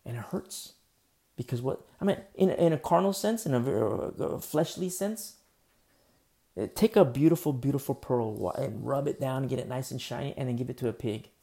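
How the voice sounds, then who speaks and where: Male pastor, casual rambling sermon, gravelly and mellow. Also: mid-range voice, lively intonation, moderate pace. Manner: casual, rambling, many fillers and restarts. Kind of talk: conversational sermon.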